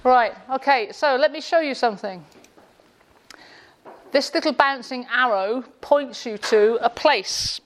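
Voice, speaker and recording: A woman lecturer with a slightly high voice teases a live group with sarcastic quiz questions. She mixes jokes into a classroom talk in an indoor room. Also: a little slow. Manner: quizzing the audience.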